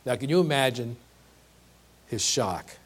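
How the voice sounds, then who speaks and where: A man's voice: mid-range voice, animated, a little slow, slightly rough. A man preaching a sermon, earnest and emphatic, often repeating and restarting words and asking rhetorical questions. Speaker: pastor.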